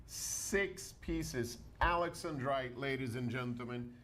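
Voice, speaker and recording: A man hosting a live TV shopping show, pitching gemstones with emphatic, showy salesman delivery. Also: slow pace, heavy background noise. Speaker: home shopping host.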